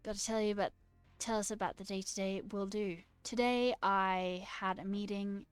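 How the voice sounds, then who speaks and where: A woman's voice: medium pitch, steady tone, normal speed, clear, resonant tone, soft background music. A woman streaming casually, reading her chat aloud and chatting back, laughing often. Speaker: livestreamer and new software engineer.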